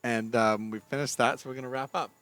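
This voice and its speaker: A man's voice: mid-range voice, fairly even intonation, fast talker, a bit bright. A man from Florida co-hosting a casual podcast chat at night on a back porch, talking in a rambling, hesitant way and correcting himself. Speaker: podcast co-host.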